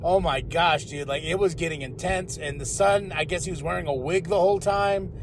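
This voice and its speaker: Male podcast host, slightly high voice, rambling and profane, recapping a TV episode over faint background noise. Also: a little fast. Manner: rambling, profane, loud bursts when excited. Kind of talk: casual solo TV episode recap.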